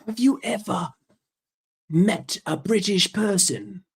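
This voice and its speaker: A man's voice: high voice, expressive, takes it slowly, creaky, breathy edge, voice pushed up, heavily acted. A man putting on a huffy offended Brit. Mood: indignant.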